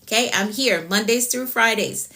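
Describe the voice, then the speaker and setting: A woman with a Jamaican accent, a productivity coach talking fast on a live stream and checking in with "okay?" after nearly every point. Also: fairly high pitch, vocal fry, sharp tone.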